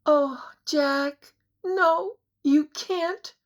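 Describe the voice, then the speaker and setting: A woman's voice: high voice, unhurried, pitched above the performer's own voice. A woman voicing a young woman hanging from a cliff, gasping and sobbing her words in an audiobook reading.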